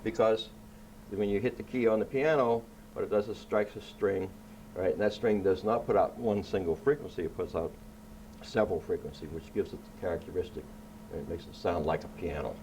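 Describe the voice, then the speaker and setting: Playful low-voiced man explaining science. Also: fairly quick, a little mellow, slight background noise, poor audio. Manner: playful, checks in with "right?" constantly. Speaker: science show host teaching children. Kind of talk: casual classroom explanation. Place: indoor room.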